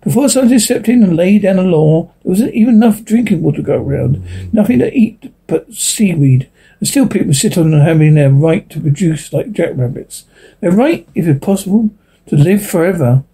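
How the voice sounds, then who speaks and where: A man's voice: high-pitched, expressive, normal speed, creaky, dark tone, breathy edge, exaggerated voice, poor audio. A man voicing an elderly male doctor who lectures persuasively. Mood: lecturing.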